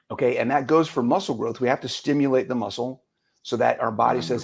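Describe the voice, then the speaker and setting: Male coach, gravelly husky voice, energetic explainer. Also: mid-range voice, fast talker. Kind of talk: casual panel chat.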